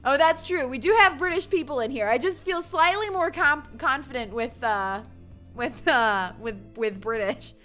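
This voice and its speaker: A woman's voice: high-pitched, lively intonation, moderate pace, sharp tone, soft background music. A woman giving chatty, giggly let's play commentary and reading game text aloud. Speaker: game streamer.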